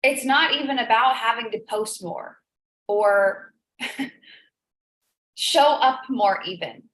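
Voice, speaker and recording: A woman's voice: fairly high pitch, slow, fairly bright tone. A woman hosting a live business coaching stream, talking earnestly and emotionally, repeating phrases for emphasis. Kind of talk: live-stream motivational talk. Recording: echoey room.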